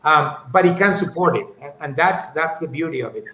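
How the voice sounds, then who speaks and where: A man's voice: fairly high pitch, lively intonation, fairly quick, pushed and bright. Thoughtful man, roomy echo. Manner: thoughtful, many restarts and "you know", "right?". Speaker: university leader, interview guest. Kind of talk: live-streamed interview answers. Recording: roomy echo, faint ambient noise.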